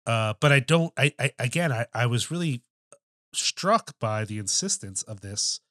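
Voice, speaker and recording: A man's voice: mid-range voice, animated, pushed and bright, no echo, studio quality. A man co-hosting a film podcast in casual discussion, thinking aloud with restarts and casual swearing. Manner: thoughtful, halting, many restarts and fillers, swears casually. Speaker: podcast co-host.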